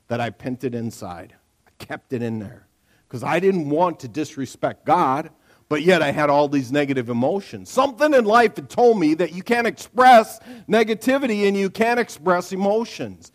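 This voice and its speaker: Lively joking preacher man. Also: fairly high pitch. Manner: lively, jokey preaching with sudden loud outbursts. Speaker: pastor. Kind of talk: sermon. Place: church.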